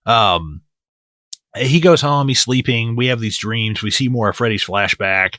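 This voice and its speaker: A man's voice: mid-range voice, unhurried, sharp tone, dry recording, clean studio sound. A man co-hosting a movie podcast in casual, profane chat who often acts out lines from the film. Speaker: podcast co-host.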